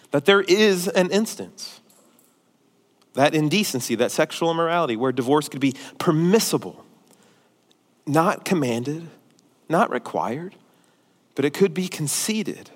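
A male pastor preaching a sermon, forceful and emphatic at times and quiet and pastoral at others. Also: mid-range voice. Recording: long hall reverb.

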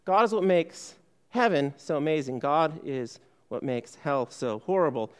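Delivering a conversational sermon, this male pastor asks the congregation questions and then answers them on his own. His voice is on the high side, smooth and expressive, and he takes his time, often saying "okay" and restarting.

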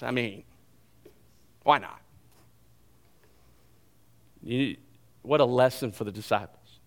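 A man delivering a lively sermon to his congregation. He retells the scripture story with plenty of energy and playful asides, and his voice sits at a middle pitch. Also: takes it slowly, pauses often. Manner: storytelling, animated, adds humor. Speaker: pastor.

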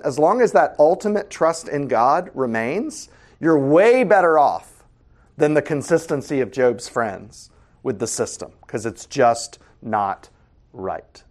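A man teaching a casual Bible study, animated and conversational, asking the class questions. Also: fairly high pitch.

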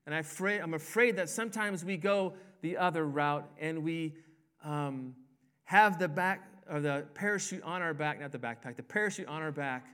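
A man's voice: a little high, moderate pace, sharp tone, smooth. Emphatic man preaching a sermon. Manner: emphatic, rising and falling preaching cadence. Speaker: pastor.

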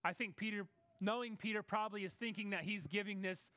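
A man preaching a sermon in a conversational way, acting out Bible characters in quick asides. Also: high-pitched, steady tone, bright, forceful tone, no echo.

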